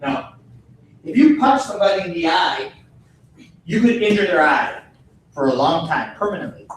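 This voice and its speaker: A man's voice: on the high side, sing-song, normal speed, a little hiss or hum. A man teaching a martial arts self-defense class to kids, giving firm, repetitive instructions. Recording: echoey gym from far off.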